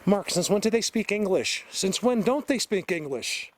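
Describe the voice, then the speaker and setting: Mocking skeptic voice, disbelieving and raised in pitch, put on by a man. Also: animated, normal speed. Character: incredulous skeptic scoffing at the idea.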